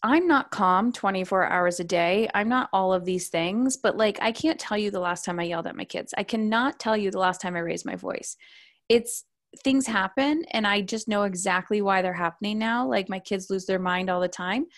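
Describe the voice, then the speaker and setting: A woman in her thirties talks as a parenting coach on a podcast interview. She tells stories in a lively way and acts out what people said to her. Her voice sits at an ordinary middle pitch. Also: normal speed. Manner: lively storytelling, acting out quoted voices.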